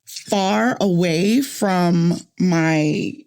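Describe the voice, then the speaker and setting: A woman from New Orleans hosting a podcast, telling stories in animated casual chat and repeating phrases for emphasis. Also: lowish voice, very slow. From New Orleans, USA. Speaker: podcast host.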